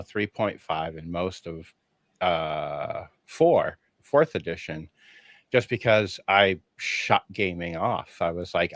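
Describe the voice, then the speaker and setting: A man with a lowish voice tells a story as a guest. He acts out the lines of the people in it and laughs along the way. The sound is dry and close. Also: dry recording. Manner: animated storyteller who acts out quoted dialogue, laughing often. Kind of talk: casual conversation.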